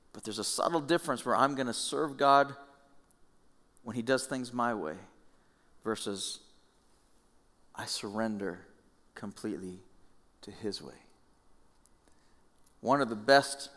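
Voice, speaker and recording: A male pastor preaching a sermon in a conversational, animated storytelling way. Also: medium pitch, long reverb tail. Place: church hall.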